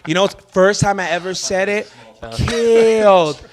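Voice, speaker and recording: A stand-up comedian man with a voice sitting a little higher than most men's. He talks in a loose, meandering way, restarting sentences and swearing casually as he chats about his craft. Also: unhurried. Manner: rambling and loose, swears freely. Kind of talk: casual podcast chat.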